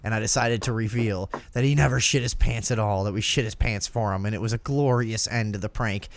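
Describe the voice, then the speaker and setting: A man hosting a talk show, telling a crude story in a profane, animated way. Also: fairly low pitch, brisk. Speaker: podcast host.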